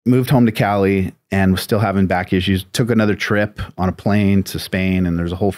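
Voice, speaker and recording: A man's voice: low voice, fairly even intonation, brisk, darkish tone, no echo. A man, a tattoo artist from the United States, telling a long story in a casual, rambling interview manner with many fillers. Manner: laid-back, rambling, lots of "like" and "you know".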